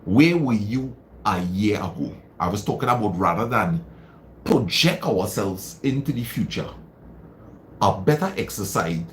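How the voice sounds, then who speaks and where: Man, lively swooping pitch, preachy live chat, repeats himself, faint room ambience. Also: unhurried, slight background noise. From Trinidad and Tobago. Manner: preachy, repeats phrases for emphasis, reads out viewer comments. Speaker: live stream host. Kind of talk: casual motivational live chat.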